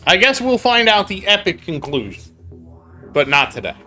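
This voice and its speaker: A man's voice: sits high, wildly swooping pitch, normal speed, pushed and bright, faint music behind. A man hosting a gaming channel, chatting casually over gameplay as a rambling storyteller who laughs often and repeats himself.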